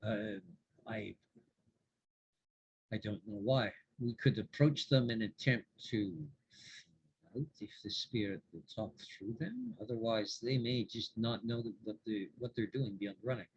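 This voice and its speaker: A man playing a tabletop role-playing game, thinking aloud in a halting way. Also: fairly low pitch, slightly rough. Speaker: player. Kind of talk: casual tabletop play. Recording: dull lo-fi mic.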